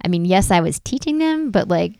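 A woman's voice: lowish voice, a little fast, vocal fry, dry recording. Chatty woman with a dry close sound. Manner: chatty, animated storytelling with frequent "like". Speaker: podcast co-host. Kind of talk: casual chat.

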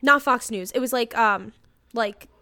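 A woman's voice: fairly high pitch, measured pace, sharp tone, clean tone, no room sound. A woman co-hosting a podcast in casual chat, rambling with lots of fillers and casual swearing. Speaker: podcast co-host.

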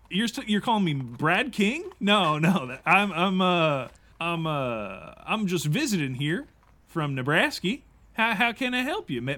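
A man's voice: a little high, pushed and bright, heavily acted. A man playing a bumbling folksy farm boy. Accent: rural Midwestern put-on. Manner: stammering, rambling, goofy. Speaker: improv comedy performer. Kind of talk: improvised comedy role-play.

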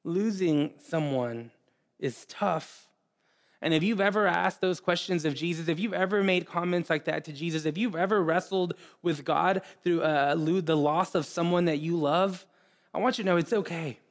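A man preaching a sermon in an earnest way, often repeating words and pausing. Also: fairly high pitch. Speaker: pastor.

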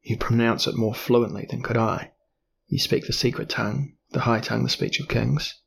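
A man voicing a cunning, curious explorer duke in a storybook reading, deliberate and probing. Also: mid-range voice, steady tone, creaky, slight background noise. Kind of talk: audiobook character reading.

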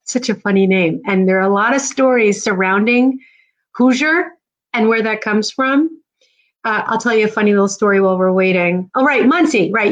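A woman's voice: mid-range voice, lo-fi sound. A middle-aged woman from New Jersey hosting a live stream, chatting casually and rambling with lots of fillers. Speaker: podcast host.

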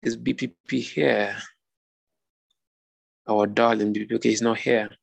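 A man's voice: fairly low pitch, fairly even intonation, moderate pace, vocal fry. A man preaching a sermon to an online group, asking rhetorical questions and repeating phrases for emphasis. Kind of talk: sermon teaching.

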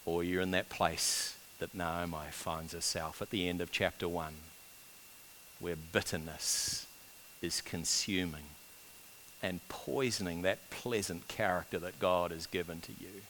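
A man preaching a sermon, swinging between loud urgent build-ups and hushed, quiet passages. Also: low-pitched, steady tone, unhurried, slight background noise. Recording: long reverb of a large hall.

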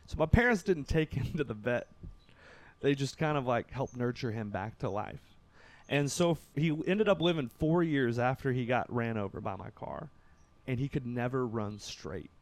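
A man from Kentucky, a podcast guest telling a story in casual talk, swinging from loud bursts to hushed, low stretches. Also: expressive, normal speed, no echo.

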